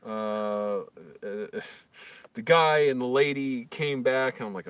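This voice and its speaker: On a casual livestream, a man from Virginia tells an indignant, rambling story, stumbling through fillers and restarts. His voice is medium-pitched and a bit bright, at normal speed, with a clean tone and no echo.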